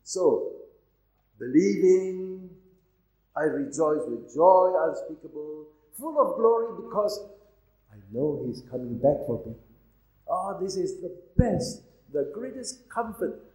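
A man's voice: high-pitched, lively intonation, takes it slowly, mellow, reverberant, low-quality recording. A man pastor preaching a sermon in a church, reading scripture aloud and urging his congregation with emphatic delivery.

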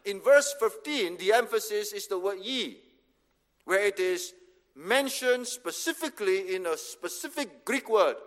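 A man from Singapore preaching a sermon as pastor, emphatic and measured, repeating phrases for stress. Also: sits high, expressive, fairly bright tone. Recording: long reverb of a hall.

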